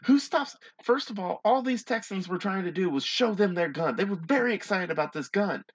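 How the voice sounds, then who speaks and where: A man's voice: fairly quick, breathy edge, highs cut off. A man hosting a podcast, reading listener stories aloud and chatting about them in a casual, joking way. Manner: reads in a low, hushed tone, then gets loud and excitable. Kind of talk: casual storytelling chat.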